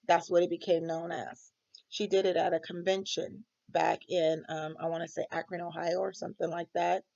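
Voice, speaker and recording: A woman's voice: lowish voice, gravelly, darkish tone, dull audio. A woman student recording a class reflection, talking hesitantly with many ums.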